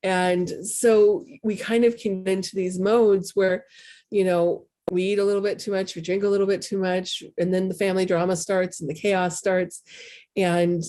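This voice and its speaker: A middle-aged woman with a medium-pitched, level, dark voice speaks at a moderate pace. She's a spiritual coach hosting her own podcast, and her talk is casual and heartfelt: candid, rambling, and self-deprecating.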